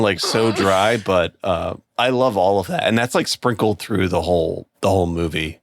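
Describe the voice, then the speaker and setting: A podcast co-host with a low-sitting voice and lively intonation talks about a film at normal speed with few pauses, rambling, using many fillers and restarts, and acting out quotes. It's studio quality with no echo.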